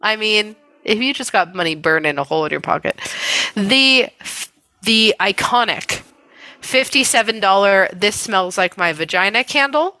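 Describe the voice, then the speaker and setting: Bright sarcastic woman podcast host. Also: mid-range voice, expressive, no echo. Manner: sarcastic, laughing often, drawn-out emphasis. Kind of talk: casual chat.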